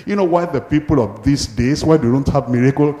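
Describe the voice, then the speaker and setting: A man's voice: mid-range voice, a little fast, warm tone. A male pastor preaching a sermon, emphatic and retelling Bible stories with acted voices. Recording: echoey hall with long reverb.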